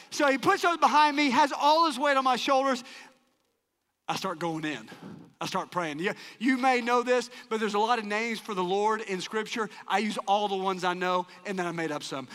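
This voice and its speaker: A male pastor telling a story in a sermon with animated, self-mocking humor in a large church auditorium. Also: high-pitched, normal speed, long reverb tail.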